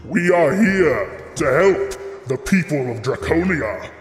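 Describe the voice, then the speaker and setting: A man's voice: fairly high pitch, animated, takes it slowly, over music. A man voicing a solemn revolutionary army proclaiming from the storm clouds, with an echoing reverb effect. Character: booming voice of a revolutionary army from the sky. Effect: echoing hall reverb. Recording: roomy, long hall reverb.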